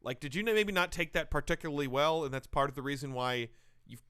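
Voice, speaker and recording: A man's voice: a little high, fast talker, a bit bright, clear, resonant tone. A man co-hosting a comedy sports podcast, firing off incredulous, pointed questions. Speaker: podcast co-host.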